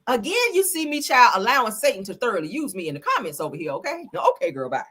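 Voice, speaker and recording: A woman hosting a livestream, reading news aloud and reacting in a sassy, animated way, swearing and calling her viewers baby and girl. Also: on the high side, fast talker. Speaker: livestream host. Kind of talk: casual news commentary and ranting.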